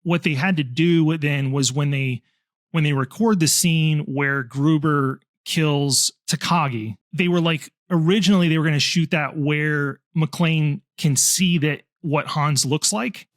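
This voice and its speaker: A man's voice: fairly high pitch, measured pace, no echo, clean studio sound. A man co-hosting a film podcast, talking enthusiastically and explaining background at length in casual chat. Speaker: podcast co-host.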